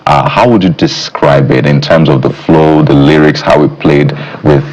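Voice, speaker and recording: A man's voice: extremely low pitch, steady tone, normal speed, a little mellow, muffled recording. A man hosting a studio morning show, probing his guest with questions and stumbling restarts. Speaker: show host. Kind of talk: studio discussion. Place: television studio.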